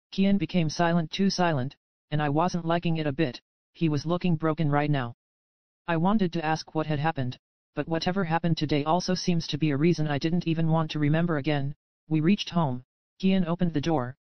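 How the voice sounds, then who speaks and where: Smooth, dry first-person romance narration. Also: medium pitch, dry recording. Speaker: audiobook narrator. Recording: dull lo-fi audio.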